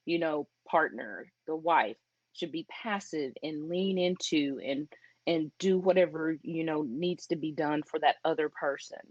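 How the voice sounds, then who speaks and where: A woman speaks at a church event about communication in marriage. Her fairly low voice stays conversational, dropping into short acted-out quotes of spouses. It is recorded dry and slightly dull. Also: dry recording. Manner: conversational, acts out quoted spouses in lively asides.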